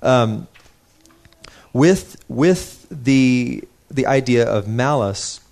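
A man's voice: medium pitch, expressive, extremely slow, creaky, darkish tone. Young male preacher, earnest and conversational, mid-range voice, sermon delivery. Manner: earnest, conversational, with frequent restarts and personal stories.

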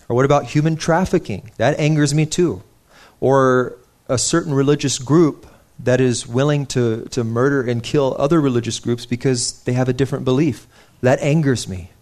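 A man's voice: mid-range voice, normal speed, darkish tone. Young male preacher, earnest and conversational, mid-range voice, sermon delivery. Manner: earnest, conversational, with frequent restarts and personal stories.

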